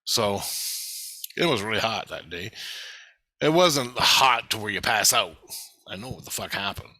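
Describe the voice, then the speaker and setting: A man's voice: mid-range voice, sharp tone, no room sound. A man casually telling a personal story in a blunt, rambling way, swearing freely and laughing at himself. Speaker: vlogger.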